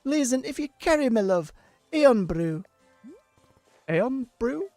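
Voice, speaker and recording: A streamer voicing a whimsical traveling magical girl with a put-on Irish-Scottish lilt, speaking slowly and floridly. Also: mid-range voice, big pitch swings, a little mellow, no room sound, faint music behind, pitched above the performer's own voice. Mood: dreamy. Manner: slow, flowery, sing-song.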